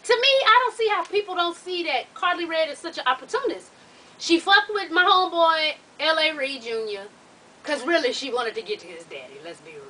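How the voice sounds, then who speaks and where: A woman's voice: high voice, expressive, a little fast, pushed and bright, far from the mic, poor audio. A woman chatting straight to camera, recapping a reality show in a blunt, profane, sassy way, calling her viewers "y'all" and "honey". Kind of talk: casual chat.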